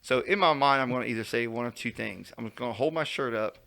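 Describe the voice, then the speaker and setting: A man's voice: medium pitch, fast, creaky, bright, forceful tone. A man telling a story on a casual podcast, acting out quotes and laughing often. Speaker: podcast co-host.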